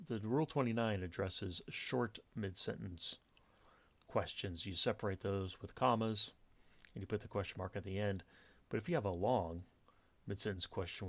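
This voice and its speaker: A man explaining punctuation rules in a casual lecture, relaxed and explanatory, with frequent fillers and restarts. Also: on the low side. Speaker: writing teacher.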